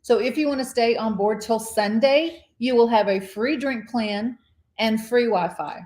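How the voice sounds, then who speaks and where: A woman co-hosting a casual live cruise chat show, an animated storyteller who laughs often. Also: on the high side, a little slow, reverberant.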